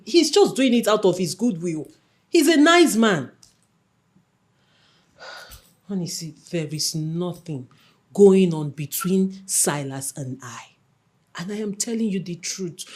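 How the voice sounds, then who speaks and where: An actress playing a young woman who coaxes and reassures her jealous lover. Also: medium pitch. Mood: earnest. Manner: coaxing, affectionate, reassuring. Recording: soft music underneath.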